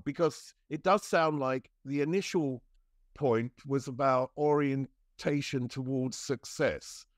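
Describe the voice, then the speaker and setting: A man's voice: mid-range voice, no room sound, studio quality. A man hosting a podcast interview, asking long searching questions with many hesitations.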